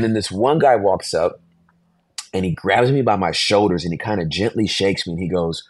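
A man's voice: deep voice, moderate pace, no room sound. A man in his forties, a pastor and podcast guest, telling a story animatedly and acting out voices. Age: 40s. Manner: animated storyteller, acts out voices, laughs often.

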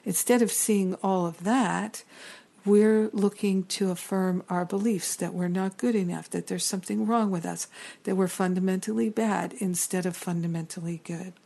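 Her voice is warm, mid-range, and steady, at normal speed with some vocal fry, as this middle-aged teacher and counselor delivers a spiritual teaching. She speaks earnestly and reflectively, stringing together long lists.

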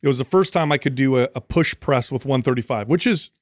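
A man who trains clients, co-hosting a casual chat and telling relaxed anecdotes with casual swearing. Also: medium pitch, fast, no echo, clean studio sound. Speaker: podcast co-host, fitness trainer.

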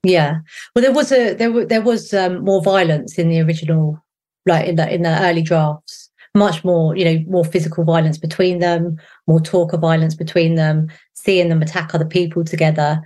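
A middle-aged woman with a thick South East London accent answers interview questions in a chatty, animated way. She keeps restarting her sentences and filling pauses with "um" and "you know". Her voice sits a little low for a woman. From England. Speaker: showrunner guest.

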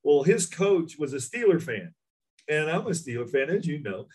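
Animated middle-aged man, higher voice. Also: moderate pace, slightly rough. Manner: animated storyteller, acts out voices. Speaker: former college basketball coach, guest. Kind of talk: casual chat.

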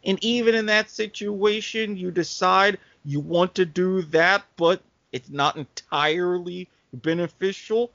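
A man co-hosting a casual sports podcast, explaining rules in a halting way with fillers, on dull, dry lo-fi audio. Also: high-pitched, gravelly, bright, forceful tone, no echo. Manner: halting, thinks aloud with fillers. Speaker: co-host.

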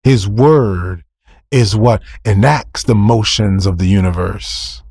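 A man's voice: lowish voice, slow, a little mellow, slightly rough, no echo, clean studio sound. A male preacher delivering a sermon, emphatic, firing off rhetorical questions, answering them himself and repeating key phrases.

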